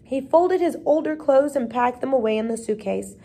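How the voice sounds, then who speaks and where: A woman with a steady, measured delivery, reading a storybook chapter aloud. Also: high voice. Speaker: reader.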